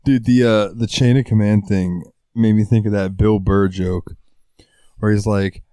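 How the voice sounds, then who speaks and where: A man's voice: on the low side, fairly even intonation, unhurried, dark tone, no echo. Laid-back young man with a strained voice. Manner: laid-back, swearing, throat-clearing. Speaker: podcast co-host. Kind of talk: casual chat.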